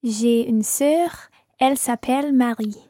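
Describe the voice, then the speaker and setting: A woman with a fairly high, mellow voice answers as a learner in a podcast language lesson. She repeats each phrase slowly and carefully. The sound is dry and close. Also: no echo. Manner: careful, unhurried repetition of phrases.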